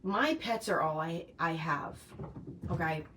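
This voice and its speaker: A middle-aged woman talks casually to viewers on a live stream. Her voice sits a little low, and she rambles emotionally through many fillers and restarts. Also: slow, noisy background.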